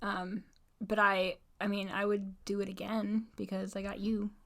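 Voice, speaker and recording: A woman's voice: medium pitch, little pitch movement, unhurried, fairly bright tone. A woman from the Midwest co-hosting a casual podcast, agreeable and giggly, often answering briefly. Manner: agreeable, short replies, giggly. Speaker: podcast co-host.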